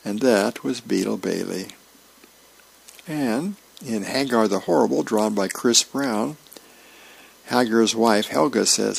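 Man reading comic strips aloud, low gravelly voice, slow unhurried pace. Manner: unhurried, plain storytelling with light character voices.

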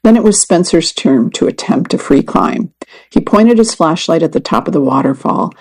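A woman reading a first-person magazine story and article aloud in an even, measured way. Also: on the low side, husky, rough recording. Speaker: reader. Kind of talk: scripted narration of a magazine story.

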